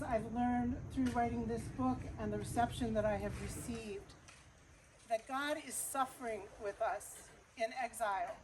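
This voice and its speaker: A woman's voice: a little high, steady tone, a little slow. A middle-aged woman giving an earnest, preacher-like talk about her book at a bookstore event. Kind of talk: lecture-style book talk. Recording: audible background noise.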